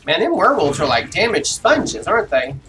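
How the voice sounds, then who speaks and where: Talking a little fast over a noisy background, this streamer has a mid-range voice with big pitch swings. He gives viewers casual, exclamatory commentary, calling out each move as he makes it, cursing when things go wrong and then laughing it away.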